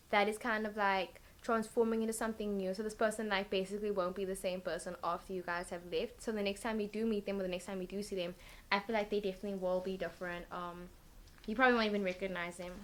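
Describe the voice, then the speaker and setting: A woman's voice: medium pitch, fairly even intonation, fast talker. A woman giving a casual tarot reading, rambling and thinking aloud with lots of fillers. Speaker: tarot card reader.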